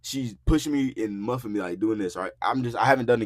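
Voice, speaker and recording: A young man hosting a podcast, telling a story in casual, profane talk, acting out quotes loudly and filling his speech with "bro" and "like". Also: fairly low pitch, animated, fast, few pauses, no echo, studio quality. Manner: frequent filler words like "bro" and "like". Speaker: podcast host. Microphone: podcast mic.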